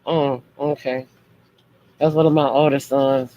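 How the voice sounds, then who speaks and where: A woman's voice: extremely low pitch, flat delivery, measured pace, highs cut off, a little hiss or hum. Blunt, harsh-sounding woman livestreamer. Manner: talks harshly and bluntly, as she says, but means no harm. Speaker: livestream host. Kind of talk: casual livestream chat.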